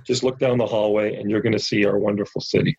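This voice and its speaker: A man's voice: lowish voice, little pitch movement, fast, vocal fry, a little mellow, breathy edge, no room sound, highs cut off. A man from Canada, a ministry founder, telling a story as an interview guest and acting out the quoted dialogue.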